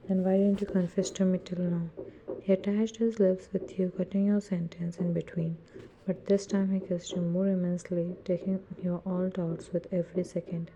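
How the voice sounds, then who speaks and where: Low, flat-voiced woman reading romance. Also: dull audio, a little hiss or hum. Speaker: fan-fiction narrator. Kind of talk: second-person romance story reading.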